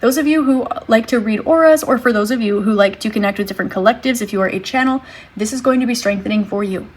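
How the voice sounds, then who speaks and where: A woman with a slightly high, breathy voice gives a tarot reading straight to her viewers. She talks in a gentle, reassuring way and muses aloud as she pulls each card. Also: fast. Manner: gentle, reassuring, thinks aloud while drawing cards. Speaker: tarot reader.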